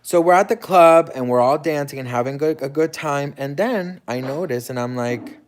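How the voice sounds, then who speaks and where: A man's voice: on the high side, normal speed, few pauses. A man telling a dramatic personal story in casual chat, acting out quoted lines and swearing freely. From United States. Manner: animated, dramatic retelling with quoted dialogue and swearing. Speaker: host.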